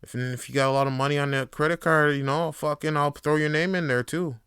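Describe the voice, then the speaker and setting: Young dude rambling on his podcast, bright crisp voice, dry sound, swears a ton. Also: on the high side, fairly even intonation, fairly quick, dry recording. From Canada. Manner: rambling, joking, swears a lot. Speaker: podcast host. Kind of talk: casual solo podcast monologue.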